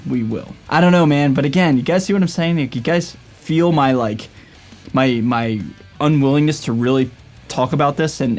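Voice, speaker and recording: A young man hosting a casual commentary video, stumbling and hesitant, with lots of fillers. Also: medium pitch. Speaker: YouTube host.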